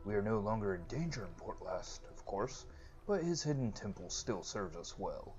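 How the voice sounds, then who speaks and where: A man with a lowish, darkish voice speaks at normal speed in a very animated way. He plays a formal, gracious male temple priest whose speech is archaic and storytelling, recorded lo-fi in a let's-play with game music in the background.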